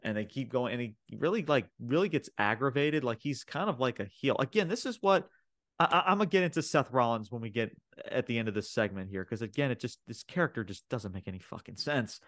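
A man's voice: mid-range voice, lively intonation, a little fast, fairly bright tone, dry recording, clean studio sound. A man co-hosting a wrestling podcast, recapping a show in casual, profane chat full of fillers and laughs. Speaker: podcast co-host.

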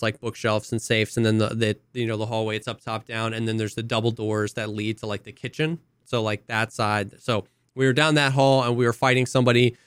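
A man's voice: mid-range voice, a bit bright, clean tone, no room sound. A young man spins a long gaming anecdote in casual podcast chat. He slips into quoted voices and coughs now and then. The sound is dry and close, with no room around it. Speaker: podcast co-host.

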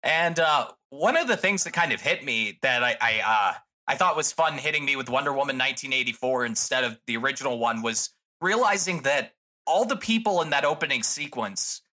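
A man in casual podcast chat about a film, animated, joking and often swearing. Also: mid-range voice, fairly quick.

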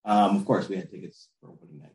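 A man's voice: deep voice, steady tone, fast, darkish tone. Male co-host, rambling and easygoing, roomy recording. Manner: laid-back, rambling, trails off. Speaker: podcast co-host. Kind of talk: casual chat. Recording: roomy echo.

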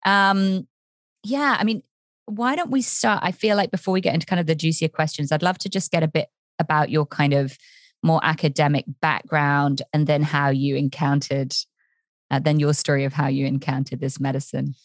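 A woman's voice: low-pitched, steady tone, moderate pace, no echo, clean studio sound. A woman hosting a podcast interview, talking effusively and chattily with many fillers. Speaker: podcast host.

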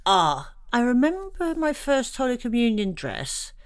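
A middle-aged Irish woman, a comedian, talks in a high-leaning, sing-song, clear and resonant voice at a slightly slow pace. As the guest in a candid conversational interview, she speaks frankly and self-deprecatingly about her life, often laughing through her stories.

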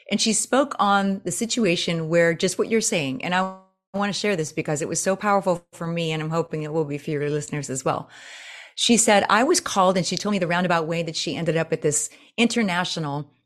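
A woman coach talking in a casual interview, telling stories with lively swings in her voice. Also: a little fast. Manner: animated storyteller, acts out quotes with big pitch jumps. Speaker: presentation coach, guest.

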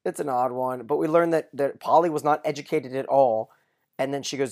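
A man's voice: mid-range voice, steady tone, fairly quick, a little mellow. Enthusiastic man recapping favorite scenes. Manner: enthusiastic, retells scenes with quoted lines. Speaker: podcast co-host. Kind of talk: casual chat recapping a TV episode.

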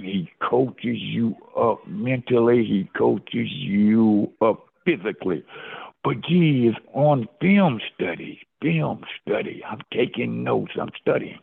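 A man's voice: medium pitch, vocal fry, husky. An older man, a former football player, telling his story as an interview guest in an emotional way, repeating his words and exclaiming often. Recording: phone-line call audio.

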